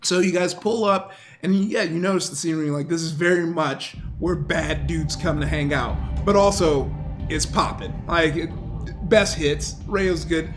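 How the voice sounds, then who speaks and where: A man's voice: on the high side, normal speed, faint music behind. A man narrating as game master, loose and rambling, with lots of fillers. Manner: loose, rambling narration with many fillers, breaking into loud voices for characters.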